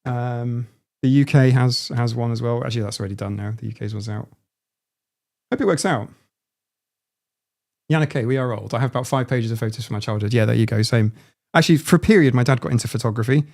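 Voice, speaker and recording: A man in his forties hosts a casual live stream, replying to viewer comments as he goes. His voice has a gravelly fry and sits at a middling pitch. He talks in halting bursts, often restarting a sentence. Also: darkish tone. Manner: halting, frequent restarts and self-interruptions.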